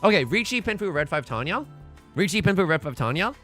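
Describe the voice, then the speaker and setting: A man streams his gameplay live and keeps a playful running commentary. His pitch swings widely as he jokes and often jumps into loud outbursts. Faint game music plays behind him. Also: fast. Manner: animated, jokey, bursts into sudden loud exclamations.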